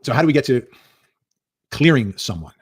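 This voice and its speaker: A man's voice: mid-range voice, very animated, moderate pace, slightly rough, no echo, studio quality. A man giving earnest, emphatic commentary, repeating key points for stress. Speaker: legal commentator. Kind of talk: clip of commentary played in a stream.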